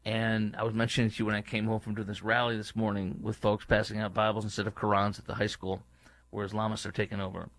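A man hosting a political commentary show, delivering an indignant, emphatic rant that leaps up in pitch and loudness, then drops into low, muttered asides. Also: completely flat delivery, fast, no echo. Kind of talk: opinionated monologue.

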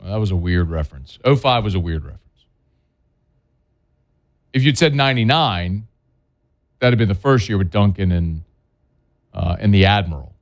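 Deep-ish guy on sports radio, joking around, opinionated, rambles a bit. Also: expressive, moderate pace, pauses often. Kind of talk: casual sports radio chat.

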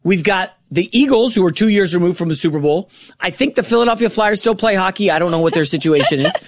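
A middle-aged man filling in as a sports radio host, talking in an excitable, rambling way with quick self-corrections, in a radio studio. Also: high-pitched, background noise.

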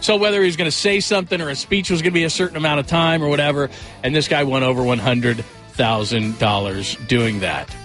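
A man's voice: on the high side, a little fast, a bit bright, soft background music. A man hosting a sports talk radio show, upbeat and full of big praise. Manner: upbeat, hyperbolic, loose.

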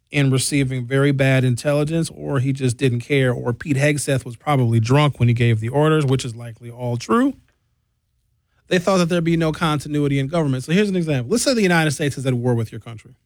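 A man's voice: medium pitch, a little fast, darkish tone, dry recording. A man giving a blunt, sarcastic comedic political rant.

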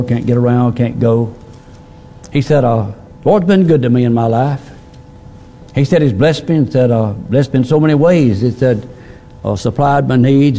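Male pastor, middle-aged, mellow tone; folksy sermon delivery with restarts and fillers. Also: mid-range voice. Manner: plain-spoken, repeats words, many fillers.

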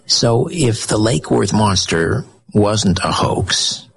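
A man's voice: on the low side, expressive, slow, gravelly, breathy edge. A man interviewing a guest, asking curious, probing questions.

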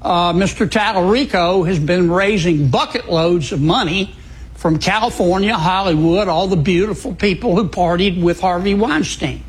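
Folksy senator with a high, husky voice. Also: male voice, low-quality recording. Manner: folksy and plain-spoken, with halting fillers. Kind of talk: interview answer.

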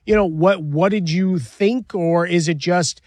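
A man's voice: sits high, a little slow, a little mellow, no echo. Rambling male radio co-host. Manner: rambling, full of fillers. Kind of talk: sports talk radio.

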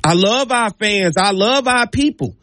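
Man, high voice, emphatic host monologue, dry close sound. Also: animated, measured pace, fairly bright tone, no echo. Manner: emphatic, preachy, addresses listeners directly. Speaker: show host. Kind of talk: passionate opinion monologue.

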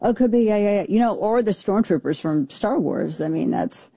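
A talk radio host commenting on air in a joking, incredulous way and often repeating herself. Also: female voice, mid-range voice, expressive, brisk, gravelly, warm tone, husky, no room sound.

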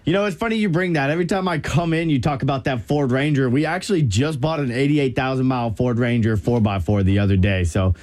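Young car guy talking quick, upbeat and eager. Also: medium pitch, a little mellow. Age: young adult. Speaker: car dealership manager. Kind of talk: casual radio chat.

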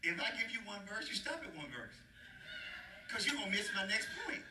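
A man's voice: high voice, a little fast, background noise. A man preaching a sermon as pastor, calling on his congregation to answer, laughing often. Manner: lively call-and-response preaching with frequent laughter. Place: church sanctuary. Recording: echoey room, mic at a distance.

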